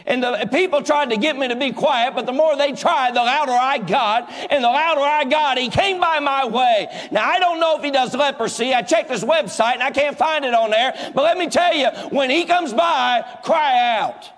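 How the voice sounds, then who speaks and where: A preacher voicing a formerly blind man who urgently tells his story and calls out loudly. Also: very high voice, moderate pace, few pauses, voice pushed up. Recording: echoey church hall.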